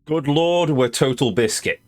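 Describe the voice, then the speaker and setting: A man's voice: a little high, expressive, a little slow, soft background music. A man hosting a let's play, talking through the game in a playful, gushing way. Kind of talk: casual gameplay commentary.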